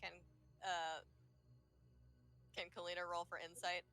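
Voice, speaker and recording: Bright-voiced giggly woman player. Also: on the low side, flat delivery, unhurried. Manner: giggly, chatty, playful. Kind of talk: tabletop role-play chat.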